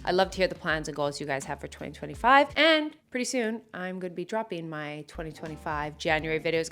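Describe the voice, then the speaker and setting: A woman's voice: mid-range voice, fairly bright tone. A young woman with a Canadian accent, talking straight to camera in a casual, upbeat lifestyle vlog, full of "like" and "you know". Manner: chatty and upbeat, with lots of "like". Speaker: lifestyle vlogger.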